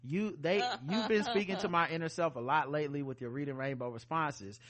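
Over crowd noise, a podcast co-host with a slightly high voice reads listener emails aloud fairly quickly, cracking joking asides as he goes in this casual chat.

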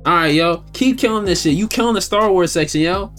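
A man co-hosting a podcast, chatting casually in slang with teasing, animated interjections. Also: sits high, a little fast, faint music behind. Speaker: podcast co-host. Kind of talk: casual chat.

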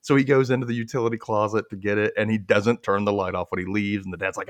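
Lively man retelling sketches with voices. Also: fast talker. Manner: laughs often, acts out quoted lines in high silly voices. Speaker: podcast host. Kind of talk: casual chat recapping a sketch show.

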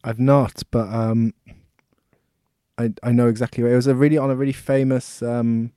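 A man's voice: mid-range voice, little pitch movement, moderate pace, mellow, smooth, no room sound, clean studio sound. A man co-hosting a podcast, chatting casually with stumbling restarts. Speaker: podcast co-host. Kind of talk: casual chat.

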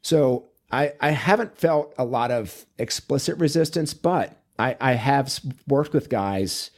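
A man's voice: medium pitch, lively intonation, a little slow. A man who is a men's coach and author, guest on an interview show, telling stories in a casual, earnest, rambling way.

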